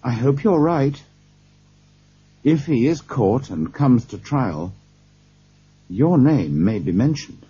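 A man voicing a serious, careful lawyer who asks grave, measured questions in an audiobook. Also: medium pitch, sing-song, dark tone, husky, exaggerated voice. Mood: doubtful. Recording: dull lo-fi cassette tape.

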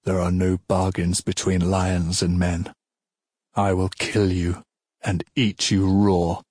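A vengeful young warrior, as a male narrator reads him speaks in a low, husky threat. The delivery is slow and dry, close to the mic. The fury is held in, cold rather than shouted. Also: level tone, dry recording, full character voice. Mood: savage. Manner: grim threat.

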